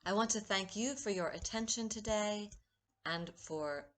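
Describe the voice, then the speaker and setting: A woman poet giving a recorded poetry lesson, speaking in a measured way and stressing the rhythm when she reads verse. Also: mid-range voice, a bit bright. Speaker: poet teaching a workshop.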